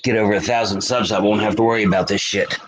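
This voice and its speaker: A man hosts a late-night live stream from home, his voice sitting a little low. He chats loosely with frequent restarts, warmly calling out viewers in the chat by name. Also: fairly even intonation, quick pace, crowd noise, rough recording. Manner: chatty, greets viewers by name, rambling with restarts. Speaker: livestream host. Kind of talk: casual live-stream chat reading comments.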